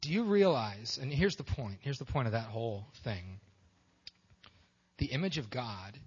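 A man's voice: mid-range voice, expressive, moderate pace, husky. A man preaching a sermon in a casual, joking, irreverent way with many restarts. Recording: dull recording in a reverberant hall.

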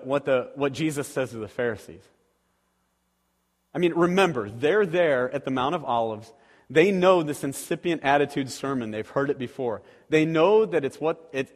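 A man preaching a sermon as a pastor, talking conversationally with rhetorical questions to the congregation. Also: mid-range voice. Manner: acts out quoted voices animatedly. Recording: long reverb of a large hall.

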